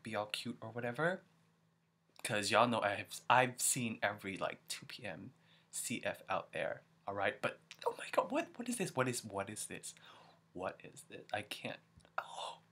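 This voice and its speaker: A young man reacting excitedly to a music video, gushing and exclaiming as he goes. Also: on the low side. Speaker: YouTube reaction vlogger.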